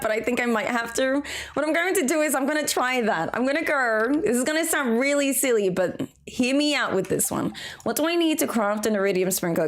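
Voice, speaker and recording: A woman from Australia with a somewhat high voice gives casual gameplay commentary. She chats easily with her viewers and breaks into frequent giggles between moves. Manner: chatty, giggly, talks to chat while playing. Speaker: game streamer.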